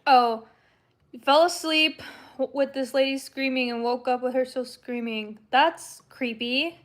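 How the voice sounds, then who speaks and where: Woman livestreamer, high voice, chatty, rambling, quick to laugh. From San Antonio, Texas, USA. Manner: chatty, rambling storyteller who laughs often. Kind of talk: casual chat with viewers.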